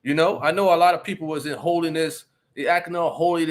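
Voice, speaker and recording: A man's voice: a little high, fairly even intonation, quick pace, hardly any pauses. Emphatic man chatting to his viewers. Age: adult. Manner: emphatic, repeats "you understand?", reads chat aloud. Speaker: channel host reading viewer comments. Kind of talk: casual livestream commentary.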